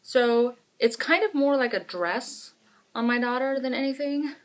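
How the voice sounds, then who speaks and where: A woman's voice: high-pitched, measured pace. A woman, co-hosting a podcast in frank, self-mocking casual chat. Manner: chatty, animated storyteller, frank and self-mocking. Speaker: podcast co-host.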